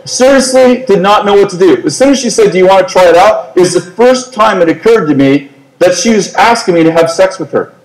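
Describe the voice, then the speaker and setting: A male preacher telling a story in an animated, self-mocking comic way during a sermon. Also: sits high, fairly quick, reverberant, rough recording.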